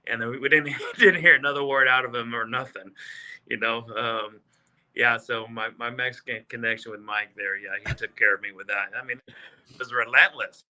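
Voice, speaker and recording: A man in his fifties from South Texas, a golfer guest telling stories in casual chat, animated and full of fillers, acting out quotes. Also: medium pitch, normal speed. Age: 50s. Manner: animated storyteller, acts out quotes, many fillers. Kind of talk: casual storytelling.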